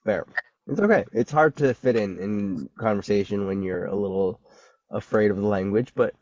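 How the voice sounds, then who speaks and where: A man's voice: lowish voice, normal speed, a little mellow, no echo, highs cut off. A man hosting a casual podcast, talking in a laid-back, loose way while getting over covid. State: recovering from covid. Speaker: podcast host.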